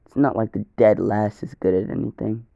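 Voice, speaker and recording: A man voicing a bossy, scornful young girl ninja in an improvised fan story, in his own low voice. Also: fairly even intonation, a little fast, gravelly, warm tone, no room sound, lo-fi sound.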